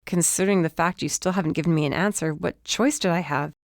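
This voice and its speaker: A woman's voice: lowish voice, fast talker, no room sound, clean studio sound, close to an everyday voice. A woman voicing an earnest, well-meaning young man who is eager and hopeful, defensive and apologetic by turns, in an audiobook.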